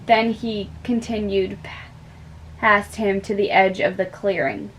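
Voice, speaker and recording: A woman narrating a spooky story in a measured reading voice. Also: mid-range voice, fairly even intonation, a bit bright, a little hiss or hum, rough recording.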